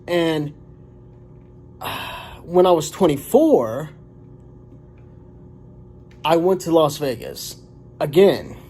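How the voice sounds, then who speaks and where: A man in his forties telling a story to camera in a rambling, halting way, full of fillers and restarts. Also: sits high, darkish tone. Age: 40s. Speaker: vlogger.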